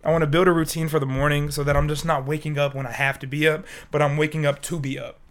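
A man's voice: on the high side, level tone, fast, fairly bright tone. A sick young man co-hosting a podcast, rambling in casual, profane chat and laughing often. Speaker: podcast co-host.

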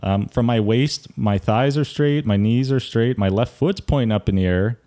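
A young man chatting casually with a friend, telling a story with lively detail and frequent laughter. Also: medium pitch, normal speed. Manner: animated storyteller, laughs often.

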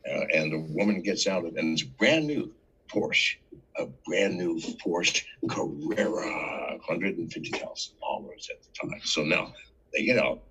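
Deep raspy-voiced man telling stories. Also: a little slow, low-quality recording. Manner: profane, animated storyteller. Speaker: interview guest. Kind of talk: casual storytelling.

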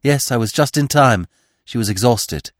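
A man's voice: mid-range voice, lively intonation, moderate pace, no echo, studio quality, natural voice. A man voicing a bold, cheeky young female acrobat in a storybook reading, brash and breezy. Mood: fierce.

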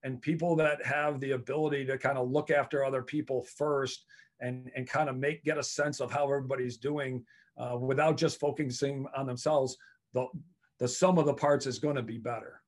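A man's voice: medium pitch, fairly even intonation, moderate pace. A man who is a college lacrosse coach, talking earnestly as a podcast guest and often repeating words as he works out his thoughts. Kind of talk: casual interview talk.

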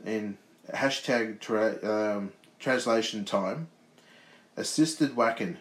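A man co-hosting a podcast, reading odd news stories aloud and stumbling over words, then joking with his co-host. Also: on the low side. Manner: stumbling, self-correcting read, jokey banter. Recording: roomy echo.

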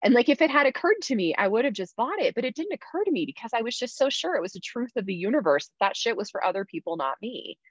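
A woman's voice: on the high side, big pitch swings, fast talker, few pauses, dry recording. A woman talking candidly in casual podcast chat, with lots of "like" fillers. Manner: candid, chatty, many "like" fillers. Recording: slightly dull dry sound.

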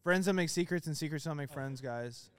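A young man co-hosting a casual comedy podcast, playful and quick to jump into bits. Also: fairly high pitch. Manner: playful, jumps into bits and silly voices. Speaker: podcast co-host.

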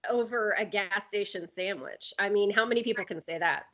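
A woman co-hosting a podcast, reacting in animated casual chat and swearing casually. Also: mid-range voice, fairly quick, dull audio. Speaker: podcast co-host.

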